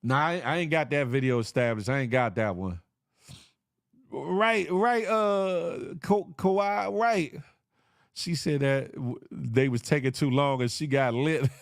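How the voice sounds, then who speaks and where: A man hosts a live online show and riffs with his viewers in a loose, joking way, with slang and playful sound effects. His voice sits a little high for a man. The sound is close and dry, with no room echo. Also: a little slow, gravelly. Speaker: livestream show host. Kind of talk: casual live chat reacting to viewers.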